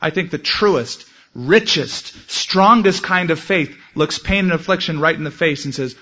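A man's voice: a little high, a little slow, hardly any pauses, sharp tone. Earnest preacher man, lo-fi recording. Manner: earnest preaching with quoted prayers and scripture. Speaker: pastor. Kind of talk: sermon. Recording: dull lo-fi sermon recording.

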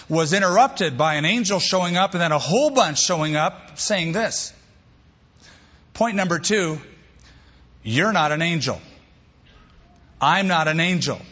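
A man preaching a sermon as pastor, emphatic, stressing words by shifting his pace and pitch. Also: a bit bright, husky. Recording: long hall reverb, dull lo-fi sound.

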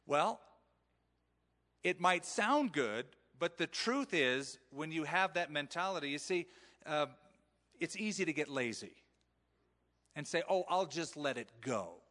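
A man's voice: fairly high pitch, animated, slow pace, long pauses, sharp tone, long reverb tail. A male pastor preaching in a conversational sermon style, acting out the quoted voices of parents. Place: church sanctuary.

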